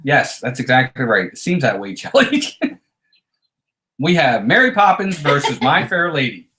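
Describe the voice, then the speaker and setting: A man's voice: mid-range voice, big pitch swings, moderate pace, bright, forceful tone. A man co-hosting a casual live stream, joking around and greeting viewers by name.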